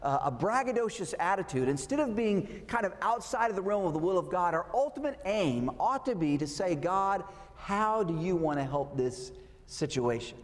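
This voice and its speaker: A man's voice: high voice, expressive, normal speed. Man preaching in a reverberant hall. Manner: conversational preaching with rhetorical questions. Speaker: pastor. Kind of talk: sermon.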